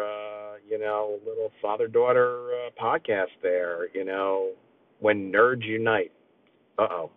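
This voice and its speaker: A middle-aged man hosting a casual solo podcast, rambling excitedly with lots of fillers. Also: lowish voice, dry recording, far from the mic. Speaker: podcast host. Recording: tinny phone-like lo-fi sound.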